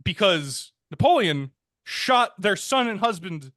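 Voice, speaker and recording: A man's voice: very animated, slow pace, pushed and bright, no room sound. Laid-back man telling history, dry close sound. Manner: laid-back, rambling, frequent "um" and "like"; acts out quoted characters with jumps in pitch. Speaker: podcast co-host. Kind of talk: casual history storytelling.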